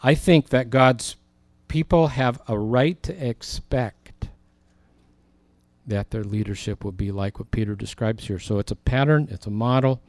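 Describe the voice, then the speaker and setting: A male pastor gives an earnest Bible teaching, his voice mellow and warm. He reads scripture lines with lifted emphasis, and the sound is close and dry with no room around it. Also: mid-range voice, measured pace, dry recording.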